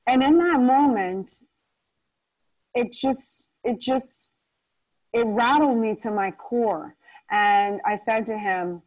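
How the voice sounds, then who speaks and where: A woman guest in an interview, telling a story with lively acted-out quotes. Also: medium pitch, measured pace, low-quality recording. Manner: animated storyteller acting out quotes.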